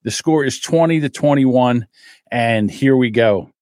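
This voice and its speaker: A man hosting a podcast, telling animated stories, swearing freely and laughing as he talks. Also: mid-range voice, measured pace, dry recording, studio quality. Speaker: podcast host. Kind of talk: casual storytelling and commentary.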